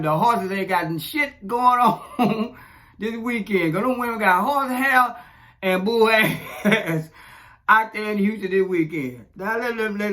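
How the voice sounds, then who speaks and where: A man's voice: high voice, sharp tone. A man, ranting profanely in casual commentary, chuckling and rambling as he goes. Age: 40s. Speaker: social media commentator.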